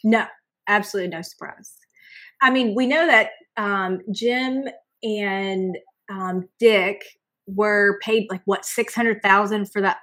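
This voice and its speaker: A woman from North Carolina joins a podcast as a guest and talks with emphatic, gushing enthusiasm. Her voice is bright and forward at a middle pitch. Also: a little slow. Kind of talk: casual podcast chat.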